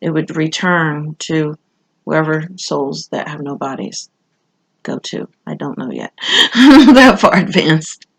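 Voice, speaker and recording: A woman's voice: deep voice, slow, vocal fry, husky. A woman giving a casual, conversational tarot reading, talking with frequent fillers and asides. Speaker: tarot reader.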